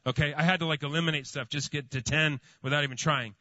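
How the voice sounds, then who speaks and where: A man's voice: fairly high pitch, steady tone, fast, sharp tone, no room sound, lo-fi sound. Rambling, storytelling male pastor. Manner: storytelling, many fillers and restarts. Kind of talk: sermon.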